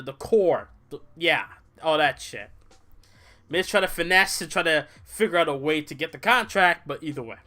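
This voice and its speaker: Tired, rambling high-voiced young man. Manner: rambling, animated, swears, mimics people in quotes. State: tired from little sleep. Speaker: livestream wrestling reviewer. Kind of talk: casual livestream review.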